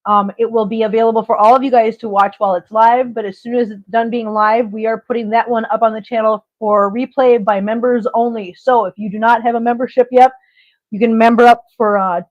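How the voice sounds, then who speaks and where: A middle-aged woman hosting a casual livestream chat, telling stories in a chatty way and laughing often. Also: a little high. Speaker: host. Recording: dull lo-fi stream audio.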